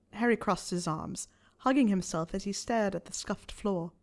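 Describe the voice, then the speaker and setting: A woman reading fan fiction aloud in a soft, steady storytelling voice. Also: medium pitch, normal speed. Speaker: reader.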